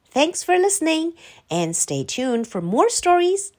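A woman from China reading a children's picture book aloud in a slow, clearly paced, very animated way. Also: high-pitched. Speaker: storyteller. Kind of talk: children's storybook read-aloud.

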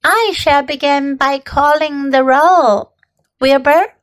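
A woman's voice: high-pitched, voice pushed up. A woman voicing a wise, bossy female spider who runs a barn meeting in a storybook reading. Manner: brisk, orderly, a little impatient.

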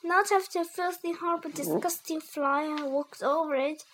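A child reading aloud plays a mischievous storybook boy, all high-pitched shrieks and gleeful yelps. He squeals out his schemes loud and quick. A faint hiss sits under the voice. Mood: wheedling.

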